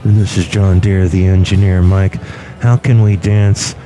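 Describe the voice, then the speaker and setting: John Deere the Engineer, a man doing a deep drone. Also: fairly even intonation, unhurried, warm tone, a little hiss or hum. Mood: droning. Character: slow deep-voiced male engineer.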